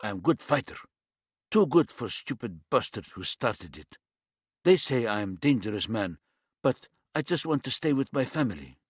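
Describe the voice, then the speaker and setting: A man's voice: medium pitch, big pitch swings, normal speed, breathy edge, no room sound, studio quality. A man voicing a gaunt, tattooed Lithuanian prisoner who speaks blunt, broken English with a Lithuanian accent and a menacing edge. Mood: insistent.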